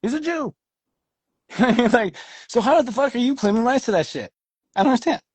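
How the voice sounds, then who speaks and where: Male astrology co-host, casual and profane, lively swooping delivery, slightly husky. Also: extremely high pitch, moderate pace, no echo. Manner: animated, swears freely, acts out quoted voices. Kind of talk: casual chat.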